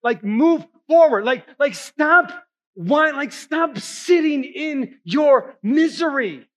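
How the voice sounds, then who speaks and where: A pastor voicing God as an impatient, exasperated figure who bluntly scolds people for whining. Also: male voice, very high voice, unhurried, pitched above the performer's own voice.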